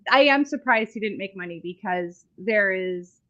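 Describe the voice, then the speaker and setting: A woman co-hosting a podcast, chatting candidly with quick reactions and easy laughter. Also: medium pitch, expressive, pushed and bright, muffled recording. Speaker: podcast co-host. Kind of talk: casual chat.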